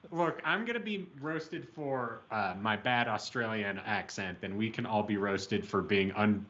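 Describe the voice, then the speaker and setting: A man's voice: lowish voice, a little slow, a bit bright. A man co-hosting a podcast livestream, chatting casually and playfully and laughing often. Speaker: podcast co-host. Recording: dull slightly noisy stream audio.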